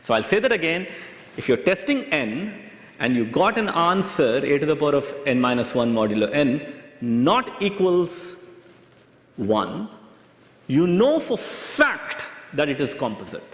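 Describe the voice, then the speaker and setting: A man giving a university lecture, halting and repeating himself, often checking that the class follows. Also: mid-range voice. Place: large lecture hall. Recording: echoey lecture hall recording.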